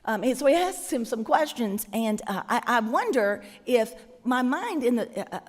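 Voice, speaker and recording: A woman preacher giving a sermon in a conversational, musing way, often pausing and hesitating. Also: on the high side, big pitch swings. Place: church. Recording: long church reverb.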